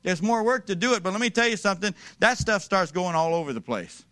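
A male pastor preaching with a bright, forceful edge to his somewhat high voice. He drives his points home emphatically and repeats them as he builds. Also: lively intonation, fast. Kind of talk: sermon.

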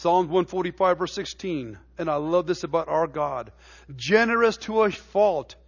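A middle-aged male pastor preaching a sermon in a church, moving from folksy, stammering stories to emphatic preaching. His voice sits high for a man and has a gravelly edge. The recording sounds a little dull and lo-fi. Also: moderate pace. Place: church sanctuary.

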